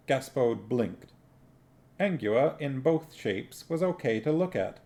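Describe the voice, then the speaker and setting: A man reading a novel aloud on a stream, in an unhurried, plainly spoken way. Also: medium pitch, expressive, mellow. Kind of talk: book reading with casual commentary.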